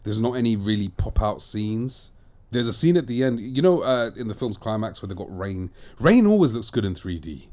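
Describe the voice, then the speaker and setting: A man's voice: fairly low pitch, sing-song, moderate pace, a little mellow. A man hosting a casual podcast, giving chatty opinions and repeating phrases for emphasis. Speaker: podcast host and disc reviewer. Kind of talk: casual chat.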